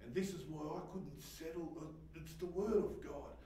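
A man preaching a personal sermon testimony, emotional and swinging between shouting and hushed talk, laughing often. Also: fairly high pitch, normal speed, slight background noise. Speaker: pastor. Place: church hall. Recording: echoey hall, voice heard from a distance.

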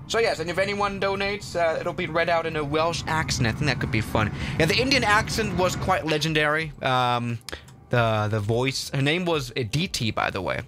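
A man's voice: a little high, animated, normal speed, fairly bright tone, faint music behind. A man streaming a flight sim, chatting casually to viewers in a rambling way full of fillers and restarts. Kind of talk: casual live gameplay commentary.

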